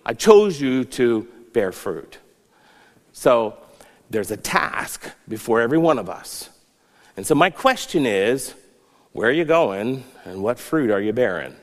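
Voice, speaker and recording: A man's voice: medium pitch, sing-song, measured pace, in a large hall. A man preaching a sermon as a pastor, earnest, rising and falling for emphasis.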